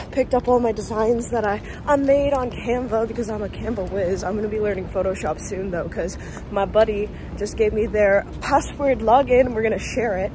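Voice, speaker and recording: A woman's voice: medium pitch, background noise. A young woman from Canada, a musician talking casually to her vlog camera, chatty and self-mocking. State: rough throat. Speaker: musician vlogger.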